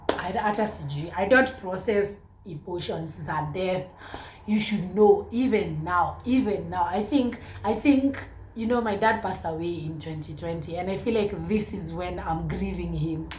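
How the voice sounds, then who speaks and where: A woman's voice: on the low side, echoey room, a little hiss or hum, poor audio. A woman with a Kenyan accent talking through a casual vlog, chatty and exclamatory, slipping between English and Swahili. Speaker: vlogger.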